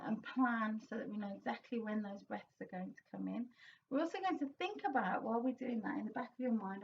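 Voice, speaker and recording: A high-pitched woman coaching singers in an encouraging, explanatory way and now and then singing a line to show it. Her voice is a little far from the mic, and the sound is slightly dull. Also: creaky, darkish tone, slight background noise. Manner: encouraging, breaks into sung demonstration lines. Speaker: vocal coach. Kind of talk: singing lesson, explaining and demonstrating.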